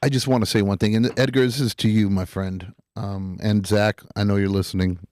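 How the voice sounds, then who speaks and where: A man with a lowish voice co-hosts a casual podcast. He speaks earnestly and repeats his points with many fillers. The sound is dry and close. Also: fairly even intonation, brisk, a little mellow, no echo.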